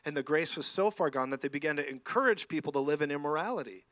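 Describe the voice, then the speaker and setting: A male preacher with a bright, forceful voice sitting a bit high, telling his stories in an animated, joking manner. The sound is close and dry, with no room around it. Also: quick pace, dry recording. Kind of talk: sermon.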